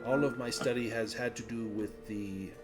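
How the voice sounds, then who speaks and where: A man's voice: mid-range voice, steady tone, moderate pace, music in the background, close to an everyday voice. A man voicing an aloof, obsessive scholar who stammers fussily and gets defensive about his studies.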